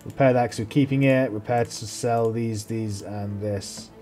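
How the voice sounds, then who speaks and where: Guy doing let's play commentary, swears a ton, gets loud and jokey, bit of game music under it. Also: on the low side, moderate pace. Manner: excitable, swears a lot, mocks enemies. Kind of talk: gameplay commentary.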